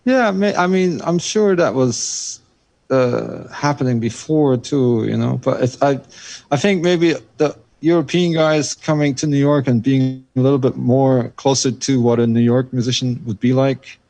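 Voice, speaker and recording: A man's voice: mid-range voice, unhurried, creaky, darkish tone, dry recording. A middle-aged man from Germany with a German accent, chatting loosely as a guest in an interview, with lots of fillers and restarts. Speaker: guest jazz drummer. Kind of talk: casual interview chat.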